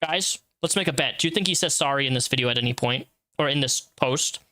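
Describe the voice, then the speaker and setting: A man hosting a livestream and reacting out loud to a social media post, blunt and profane as he lectures the person behind it. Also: medium pitch, fast. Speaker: livestream host.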